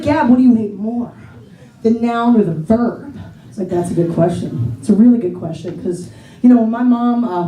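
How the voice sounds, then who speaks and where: High-voiced woman doing stand-up. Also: dark tone. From Pittsburgh area. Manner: chatty, self-deprecating storytelling. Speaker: stand-up comedian. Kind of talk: stand-up comedy set. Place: comedy theater stage. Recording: roomy stage sound from a distant mic.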